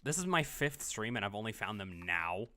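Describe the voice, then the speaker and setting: A man's voice: on the low side, very animated, moderate pace, sharp tone. A man streaming a game, giving amused, joking reactions in casual commentary.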